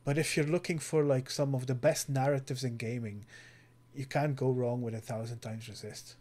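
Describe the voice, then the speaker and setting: A man's voice: medium pitch, fairly even intonation, normal speed, a little mellow. A man co-hosting a gaming podcast, recommending games in an earnest, enthusiastic way. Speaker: podcast co-host. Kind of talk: casual chat.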